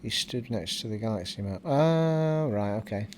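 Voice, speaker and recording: A man's voice: on the low side, lively intonation, normal speed, darkish tone, a little hiss or hum. A man giving casual, jokey commentary while live-streaming a video game. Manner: chatty, jokey, laughs often.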